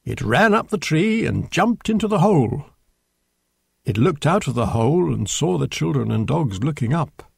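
Male storyteller, slow, husky and gravelly, very lively pitch, dry close sound. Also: dry recording. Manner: slow, expressive read-aloud with lively pitch. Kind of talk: storybook reading aloud.

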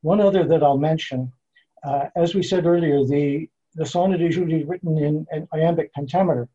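A man, a poet being interviewed, explaining his verse forms in a measured, careful way. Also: a little high, warm tone, slightly rough. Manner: measured, explanatory, slows down to spell out meter. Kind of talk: thoughtful interview answers. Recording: dull lo-fi sound.

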